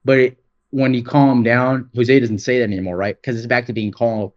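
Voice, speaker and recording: Rambling, excitable man with lo-fi sound. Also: medium pitch, fairly quick. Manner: excited, profane, rambling with lots of "dude". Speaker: podcast co-host. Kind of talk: casual gaming chat.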